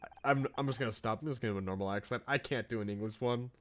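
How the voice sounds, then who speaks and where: A man's voice: medium pitch, rapid-fire. A man playing a game on stream, chatting casually and reading character dialogue aloud in his own voice. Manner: reads characters in his own voice, laughs at his own attempts.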